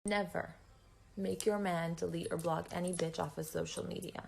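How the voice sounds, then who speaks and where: A woman's voice: lowish voice, fairly even intonation, normal speed, creaky, husky. A woman giving blunt, profane relationship advice in a casual rant.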